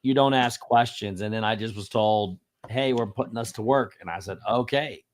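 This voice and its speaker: A man from Indiana hosting a casual chat, telling stories in an animated way and chuckling often. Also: lowish voice, normal speed. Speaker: podcast host.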